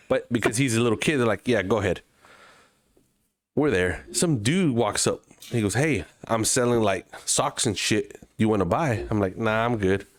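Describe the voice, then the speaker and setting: A man from Mexico, co-hosting a podcast, telling a travel story with lively acted-out voices and plenty of swearing. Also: fairly low pitch, no room sound, clean studio sound. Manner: animated storyteller, acts out other people's voices, swears freely. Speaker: podcast co-host. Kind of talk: casual chat, storytelling.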